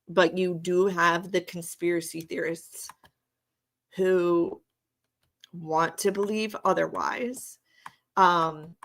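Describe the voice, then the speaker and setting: Slow, hesitant, slightly hoarse woman. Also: on the low side, fairly bright tone. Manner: hesitant, many filler ums, speaks directly to viewers. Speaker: true crime commentator. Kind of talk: casual commentary to viewers.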